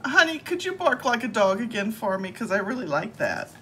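A woman's voice: on the high side, sing-song, fairly quick, fairly bright tone, a little hiss or hum. A woman live-streaming while baiting a scammer, talking in a teasing, theatrical and playful way. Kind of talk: casual live-stream talk.

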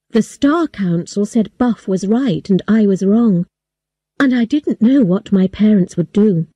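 A woman reading a story aloud slowly and clearly for English learners. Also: mid-range voice, no room sound, highs cut off. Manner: slow, clear, even storytelling. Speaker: story reader. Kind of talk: slow scripted narration for English learners.

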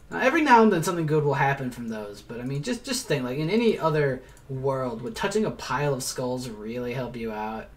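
A man in the middle of a relaxed let's-play session, talking his viewers through the game. He explains as he goes, drops the odd curse and mutters little asides, his pitch sitting in an ordinary middle range. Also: slight background noise. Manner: chatty, explains as he plays, swears and mutters asides. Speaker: let's player. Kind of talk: casual gameplay commentary.

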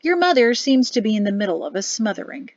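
A woman voicing an easygoing army general, matter-of-fact and gently teasing. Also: a little high, big pitch swings, fast talker, no echo, dull audio. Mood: dry amused. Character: easygoing older general, dryly amused.

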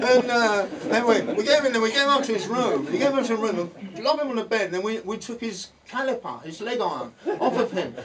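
An older man tells a rock-and-roll anecdote at a book signing, animated and laughing, with halting restarts. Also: very high-pitched. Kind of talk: anecdotal storytelling to an audience. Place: bookshop, indoors. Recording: distant mic with faint room noise.

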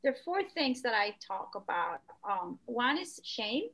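A woman artist talking as a podcast guest, lively, acting out quoted voices. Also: unhurried, vocal fry. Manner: animated, acts out quoted voices with pitch jumps. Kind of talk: conversational podcast interview.

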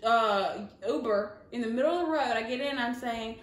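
Southern girl vlogging a storytime, kinda high voice, laughs a lot, echoey room. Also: moderate pace. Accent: Southern American. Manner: animated, laughing storyteller with many fillers. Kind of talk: casual storytime.

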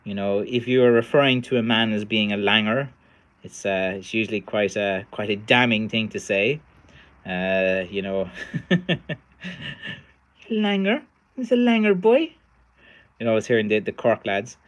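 A man's voice: fairly low pitch, fairly even intonation, moderate pace, fairly bright tone. A middle-aged man, chatting tiredly on a livestream as its host, rambling with many fillers and restarts. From Ireland. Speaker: livestream host, stick maker. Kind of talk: casual livestream chat.

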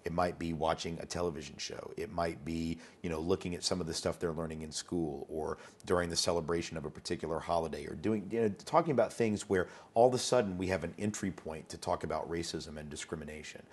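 A man's voice: deep voice, fast, few pauses, slightly rough. A man being interviewed as an educator, talking conversationally and telling anecdotes, often repeating words as he starts a thought.

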